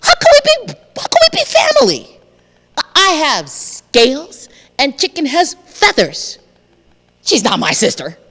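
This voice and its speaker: Storyteller woman playing a bewildered male crocodile, high and stammering, with a long church echo. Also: huge pitch swings, unhurried, gravelly, fairly bright tone, exaggerated voice. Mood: baffled. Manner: flustered, stammering protests. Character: baffled indignant male crocodile. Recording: long reverb of a sanctuary.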